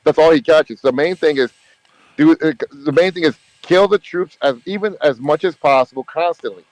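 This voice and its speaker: A man's voice: fairly high pitch, moderate pace, no room sound, rough recording. A man hosting a casual voice chat, talking emphatically and at length, repeating himself and swearing freely. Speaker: gaming channel host. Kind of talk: casual group voice chat about a mobile strategy game.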